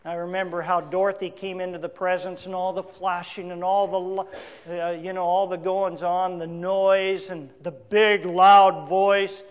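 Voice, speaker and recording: A male pastor preaching a sermon, emphatic, with big swings between loud declarations and quiet asides. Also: high voice, little pitch movement, moderate pace, long reverb tail.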